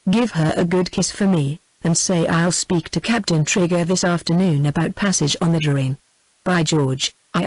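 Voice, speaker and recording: Text-to-speech British woman narrator, slightly low and even, reads punctuation aloud, dry close sound. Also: no room sound, rough recording. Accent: British English. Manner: even machine reading that speaks the word "comma" aloud. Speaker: audiobook narrator. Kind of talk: synthetic text-to-speech book reading.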